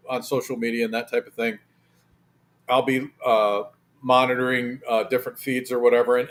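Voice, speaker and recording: A man on a talk-show panel, indignant and argumentative as he rambles through his point. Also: mid-range voice. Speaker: regular panelist. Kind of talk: casual talk show banter.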